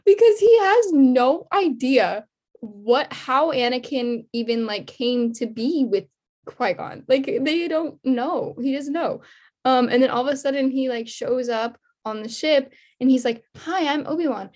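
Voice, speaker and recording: A woman's voice: sits high, expressive, measured pace, darkish tone. Chatty young woman, casual film talk. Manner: chatty, many fillers and laughs. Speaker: podcast co-host. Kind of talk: casual chat.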